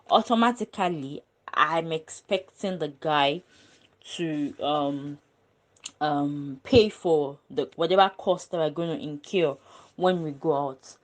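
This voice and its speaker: A woman in a casual panel discussion, talking earnestly and emphatically, with frequent ums and restarts. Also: fairly low pitch. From Nigeria. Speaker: panel guest.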